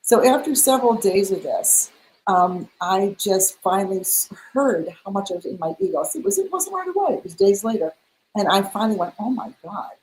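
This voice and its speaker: A woman's voice: mid-range voice, fairly quick, slight background noise, low-quality recording. A middle-aged woman, a spiritual mentor, telling a personal story in an interview, acting out the dialogue she quotes. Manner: animated, acts out quoted dialogue.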